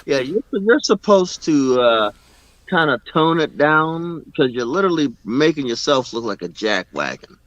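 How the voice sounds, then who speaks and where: A man's voice: on the high side, very animated, normal speed, a bit bright, lo-fi sound. A man talking bluntly in a casual podcast chat, often stammering and repeating words.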